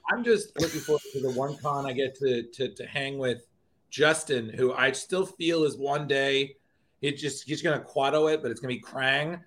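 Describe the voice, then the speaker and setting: A man co-hosts a podcast, chatting casually in a rambling, emotional way and frequently restarting sentences. His voice is medium-pitched and fairly bright at normal speed, with slight background noise.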